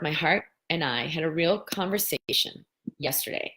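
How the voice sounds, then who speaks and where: A woman in her thirties answering viewer questions in a casual spiritual coaching talk, animated and playing out the voices of doubters. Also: low voice, moderate pace.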